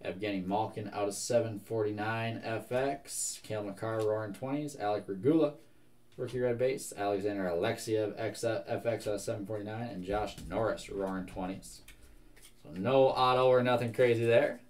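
A young man hosting a live card break, reading out one card after another in a brisk, casual way. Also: fairly low pitch.

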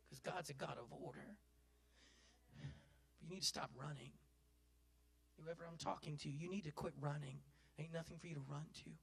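A male pastor preaching a sermon in a folksy way, building to loud impassioned cries. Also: fairly high pitch, vocal fry.

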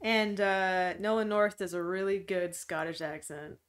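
A woman's voice: mid-range voice, unhurried. A woman co-hosting a casual book club podcast, comparing book and film in a chatty, joking way. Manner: chatty, joking, laughs between remarks. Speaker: podcast co-host.

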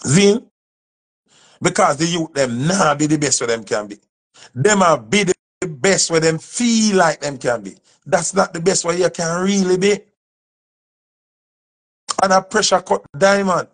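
Jamaican male dancehall artist, high and gravelly, preachy and emphatic on camera. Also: measured pace, long pauses. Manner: emphatic, preachy, repeats his points. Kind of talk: impassioned speech to camera.

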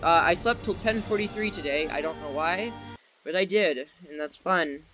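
Man, high voice, excitable gamer commentary, quick exclamations, desk mic, soft game music underneath. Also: poor audio. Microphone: desk microphone. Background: faint game music.

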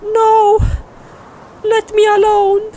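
A man's voice: extremely high pitch, completely flat delivery, very slow, mellow, voice pushed up, heavily acted. Alex, a shrieking hysterical girl, as a man puts her on. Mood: panicked. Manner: shrieking, dramatic, broken English. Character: hysterical young woman, Alex, in distress. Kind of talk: comedic skit acting.

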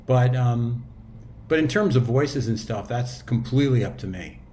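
Brief: man, sixties, guest narrator, warm and mellow tone, easygoing and musing, faint background hiss. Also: medium pitch, normal speed. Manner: relaxed, reflective, loose with fillers and restarts. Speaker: guest, audiobook narrator and actor. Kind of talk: casual interview chat.

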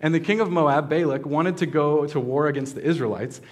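Pastor, male, slightly high voice, relaxed conversational sermon delivery, lots of ums and self-corrections, quizzes the congregation. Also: brisk. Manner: casual, conversational preaching with many fillers and restarts; asks the congregation questions.

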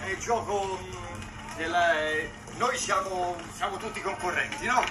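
A man's voice: high voice, moderate pace, over music, close to an everyday voice. An actor playing a cheerful, playful Italian father in a film, joking and upbeat. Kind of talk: film dialogue. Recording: roomy film audio with score.

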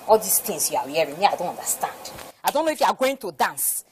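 Young woman, gold-digger, Nigerian English accent, scornful, lively pitch. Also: fast talker, noisy background. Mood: boastful. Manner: scornful, boastful. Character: scheming gold-digging young woman, boastful. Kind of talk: film drama acting.

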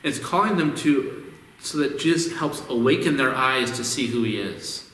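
A man's voice: mid-range voice, lively intonation, normal speed, a bit bright, a little hiss or hum. Man, pastor, conversational sermon, restarts phrases, distant mic, long echo in the hall. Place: church sanctuary.

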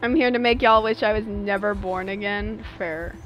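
A woman's voice: medium pitch, normal speed, dull audio, slight background noise. A young woman streaming a game, chatting casually and jokingly with her viewers. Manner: animated, joking, talks to chat. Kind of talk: casual gaming livestream chat. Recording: faint game music behind.

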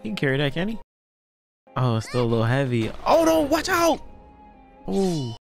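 Excitable young man reacting to anime. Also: fairly high pitch, normal speed, vocal fry, faint music behind. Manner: excitable, laughs a lot, slangy, shouts in delight. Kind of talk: casual reaction commentary.

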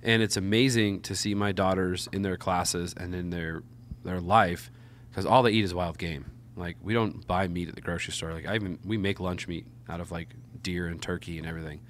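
A man in his thirties, a wild game chef, chatting as a podcast guest and telling lively stories that act out other people's voices. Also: low-pitched, a little fast, slight background noise. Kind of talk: casual podcast conversation.

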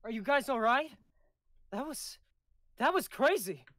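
Animated woman streamer, dry close mic. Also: on the high side, measured pace, no room sound. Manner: animated, voicing game characters playfully. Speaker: streamer playing a game. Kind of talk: casual live-stream chat, reading game dialogue aloud.

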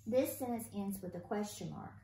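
A woman teaching a first grade phonics lesson, sounding out letters slowly and asking encouraging questions. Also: medium pitch, warm tone. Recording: roomy echo, faint room noise.

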